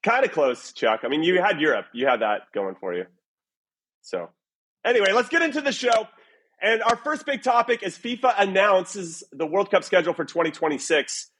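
Upbeat husky-voiced male podcast host. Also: sits high, expressive, normal speed, fairly bright tone. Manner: upbeat, playful quizmaster banter. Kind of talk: casual soccer podcast chat. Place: away from his usual recording spot.

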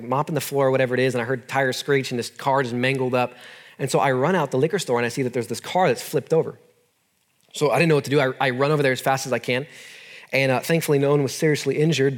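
A young man preaching a sermon in a casual, earnest way to a group in a room. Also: mid-range voice. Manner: casual, earnest, talks to listeners as "dude". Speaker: youth pastor.

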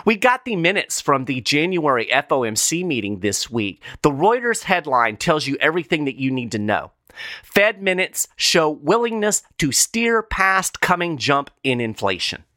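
A man's voice: fairly high pitch, very animated, moderate pace, bright, forceful tone, no echo. A man hosting a show, delivering a skeptical solo commentary with emphatic, sarcastic asides. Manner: opinionated, skeptical. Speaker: show host.

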